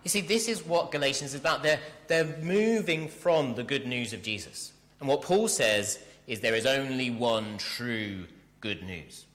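A man preaching a sermon, animated and speaking directly to his congregation in a church. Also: mid-range voice, long reverb tail. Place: church hall.

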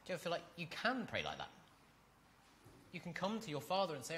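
A man preaching a sermon, earnest and direct, asking his listeners questions and building to loud, emphatic peaks. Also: a little high, wildly swooping pitch, fast, a little hiss or hum. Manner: asks the congregation rhetorical questions.

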